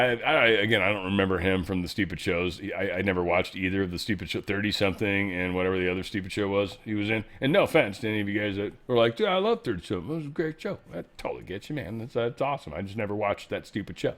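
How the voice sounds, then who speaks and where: A man hosting a casual news commentary show. He rambles, jokes and swears, and his pitch and loudness swing a lot. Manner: joking, rambling, profane. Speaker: show host.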